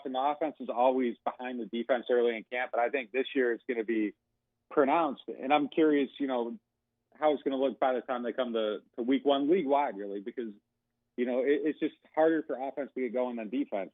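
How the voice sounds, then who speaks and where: A man's voice: medium pitch, no echo. A man, a sports reporter calling in as a guest, talking through his analysis in a loose, rambling way with plenty of fillers. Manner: talkative, rambling with many fillers. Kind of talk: casual phone-in analysis. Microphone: phone. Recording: tinny phone line.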